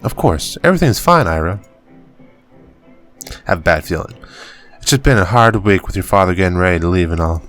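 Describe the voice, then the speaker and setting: A man voicing a tired, ill mother who speaks softly and reassuringly to her son. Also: deep voice, animated, fairly quick, soft background music. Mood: gentle. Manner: soft, soothing, motherly.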